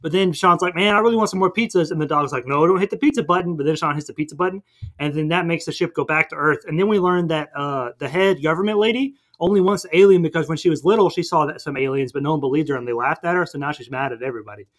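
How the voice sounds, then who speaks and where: A man casually recapping a cartoon movie for laughs, acting out squeaky voices as he goes. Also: quick pace. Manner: goofy, acts out cartoon voices in his retelling. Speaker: podcast co-host.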